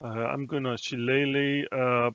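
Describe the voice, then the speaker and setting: A man's voice: mid-range voice, flat delivery, measured pace, fairly bright tone, clear, resonant tone, no room sound, highs cut off. Hesitant man playing a tabletop game, dry sound. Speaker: player. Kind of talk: casual tabletop game chat.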